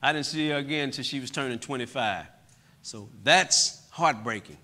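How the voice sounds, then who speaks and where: A middle-aged man giving an impassioned testimony talk to a church audience, moving between loud outbursts and quiet, heavy moments. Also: mid-range voice, moderate pace. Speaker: guest speaker. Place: church hall.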